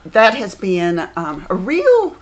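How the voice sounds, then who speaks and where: A woman with a Southern American accent, a stage actor chatting thoughtfully in an interview with frequent pauses. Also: mid-range voice, huge pitch swings, dull audio. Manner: thoughtful, many ums. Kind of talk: casual interview chat.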